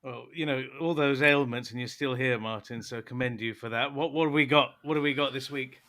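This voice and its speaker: Bright-voiced bantering podcast man. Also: mid-range voice, fairly even intonation, fairly quick. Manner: bantering, asks co-host questions. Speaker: podcast co-host. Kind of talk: casual podcast chat.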